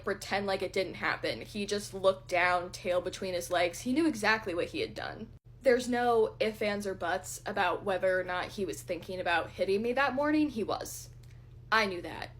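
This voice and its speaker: A young woman speaks in a storytime vlog, recounting events plainly and bluntly while getting ready. Her voice sits at a middling pitch for a woman, and her delivery is candid and unvarnished, with occasional swearing. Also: normal speed. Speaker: vlogger. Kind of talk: storytime while doing makeup.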